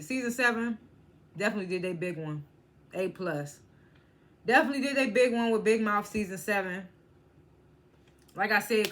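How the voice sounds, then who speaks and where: A woman's voice: mid-range voice, fairly bright tone. A woman reviewing TV shows in a casual, chatty recap. She often stumbles and restarts her words and laughs as she retells scenes. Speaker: TV show reviewer.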